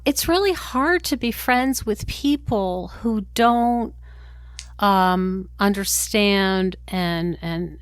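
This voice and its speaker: Woman host, talks slow and thoughtful, dry close recording. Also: fairly low pitch, dry recording. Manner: reflective, searching for words, warm affirming murmurs. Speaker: host, therapist. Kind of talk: interview chat.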